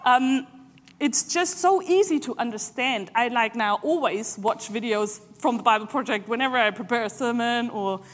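A woman giving an informal sermon, talking in a conversational, halting way with many filler pauses. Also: fairly high pitch. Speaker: preacher. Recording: long hall reverb.

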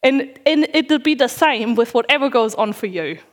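A woman's voice: a little high, expressive, moderate pace. Chatty woman giving an informal sermon. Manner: chatty, self-deprecating, many fillers. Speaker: parish worker giving a talk.

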